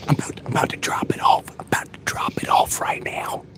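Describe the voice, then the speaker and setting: A man putting on the hushed voice of a TV deer hunter as whispered role-play, tense and excited, recorded inside a car. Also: fairly quick, close to an everyday voice. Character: hushed male TV deer hunter stalking prey. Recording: car noise in background.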